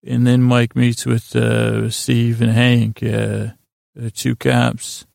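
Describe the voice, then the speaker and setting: A man hosting a sleep podcast, recapping a story in a rambling, halting way with many fillers. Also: mid-range voice, completely flat delivery, gravelly, darkish tone, dry recording, clean studio sound. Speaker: podcast host.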